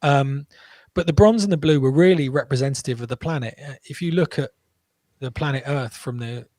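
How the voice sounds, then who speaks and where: A man tells his story as an interview guest, animated and full of quick restarts. His voice sits at a middle pitch. He is recorded in a dry, dead room. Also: no room sound. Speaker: guest entrepreneur.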